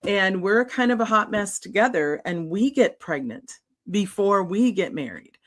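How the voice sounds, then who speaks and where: A middle-aged woman, an author guest, telling a personal story in an earnest, halting, emotional way. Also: medium pitch, expressive, a bit bright.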